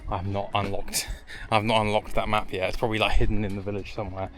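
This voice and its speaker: A man's voice: on the low side, level tone, fast talker. A young man vlogging outdoors as he walks around hilltop villages, chatting casually with rambling, jokey asides. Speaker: travel vlogger. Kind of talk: casual travel vlog narration.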